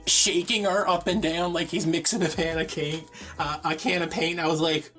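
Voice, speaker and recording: A man's voice: fairly high pitch, flat delivery, normal speed, a bit bright, soft background music. A man, telling a gossipy story in a casual, chatty way while he crafts. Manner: chatty, gossipy, heavy use of filler words. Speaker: crafting vlogger.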